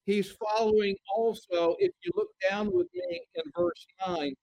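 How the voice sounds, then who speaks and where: A middle-aged man preaching a sermon in an earnest, measured way, reading scripture aloud as he goes. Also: very high voice, creaky, a little mellow, no echo, poor audio.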